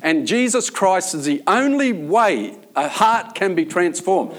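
A man's voice: high voice, expressive, measured pace. A man speaking as a prison chaplain in an informal faith talk, telling stories earnestly and rambling with many fillers.

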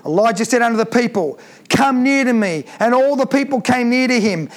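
Very high-voiced male preacher. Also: animated, brisk. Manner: emphatic, repeats phrases, asks the audience rhetorical questions. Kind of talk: sermon with scripture reading.

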